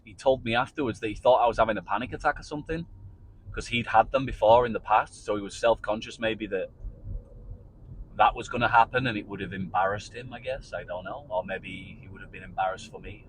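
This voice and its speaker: A man's voice: lowish voice, a little fast, breathy edge, low-quality recording. A man casually telling his own story to camera in a loose, chatty way, with frequent restarts and the odd swear word.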